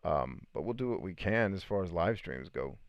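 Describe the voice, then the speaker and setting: A man's voice: low-pitched, expressive, moderate pace, gravelly, no room sound, lo-fi sound. A man in his thirties hosting a casual live stream, telling stories and reading viewer comments aloud. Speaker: host.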